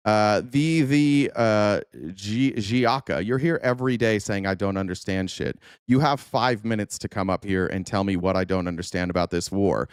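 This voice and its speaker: Ranting livestream host, swings up and down. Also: male voice, low-pitched, smooth, no room sound, studio quality. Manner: heated, sarcastic, swearing, scolding chat commenters. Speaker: livestream host reacting to news. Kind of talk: profane live-stream rant.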